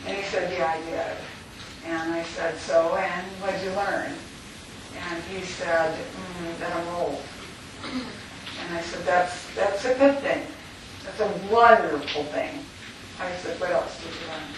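A woman's voice: fairly low pitch, slow pace. A middle-aged woman speaking candidly and emotionally about her near-death experience, telling a personal story with laughter. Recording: very echoey, distant mic with noise.

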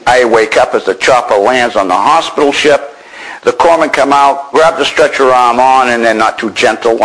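A man's voice: medium pitch, a bit bright, low-quality recording. An older man from Maine telling his own war story with dry, wry understatement. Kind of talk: personal storytelling.

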